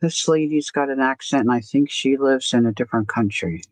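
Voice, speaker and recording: Brisk and bass-voiced, a woman chats away during her casual art journaling livestream, murmuring to herself and saying hello to viewers by name as she crafts. The recording is dry.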